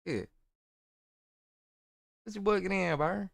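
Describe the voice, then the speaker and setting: A man's voice: sits high, big pitch swings, measured pace, vocal fry, pauses often, a bit bright, no echo, clean studio sound. A man giving casual reaction commentary on a video, talking in rambling, profane slang.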